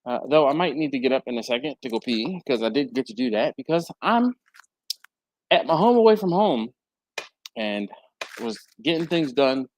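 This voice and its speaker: Male livestream host, chatty and quick to laugh, very animated pitch, dry recording. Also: no room sound. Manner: chatty, laughs often, lively swings in pitch. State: hot and sweaty. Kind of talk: casual livestream chat, reading viewer comments aloud. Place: warm home garage with a fan and air handler.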